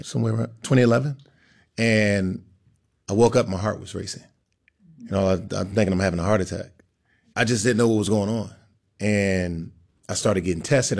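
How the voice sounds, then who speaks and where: Deep-voiced man, halting and candid. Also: creaky, darkish tone. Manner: halting, repeats phrases. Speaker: guest, pro football player. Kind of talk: candid interview answers.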